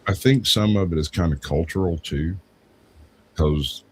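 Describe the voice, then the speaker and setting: A man's voice: sits low, measured pace, slight background noise. A man from Georgia with a Southern accent, telling a rambling story in a casual podcast chat. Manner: rambling storyteller, animated when quoting others.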